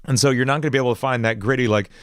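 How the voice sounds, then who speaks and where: A man with a slight New York accent chatting casually on a livestream, animated and playful, often breaking into odd vocal noises. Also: medium pitch, racing, no echo, clean studio sound. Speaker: music streamer.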